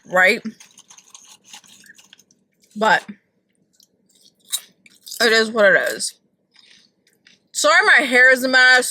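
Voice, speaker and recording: A woman's voice: fairly high pitch, pushed and bright, no echo, rough recording. A woman vlogging from her car, chatting casually and opinionatedly about celebrity gossip with lots of "like".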